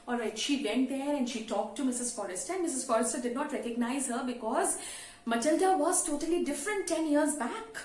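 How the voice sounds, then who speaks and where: High-voiced woman teaching in a roomy space. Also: fairly quick, a little mellow. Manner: conversational, frequent "you know" fillers. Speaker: English teacher. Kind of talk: explaining a story to students. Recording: roomy with faint ambience.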